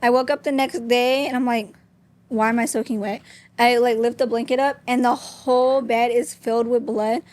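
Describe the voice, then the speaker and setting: A woman's voice: on the high side, fairly even intonation, normal speed, darkish tone. A young woman, a podcast guest, telling a personal story openly and candidly, with many "like" fillers. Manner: open, talks with frequent "like" fillers.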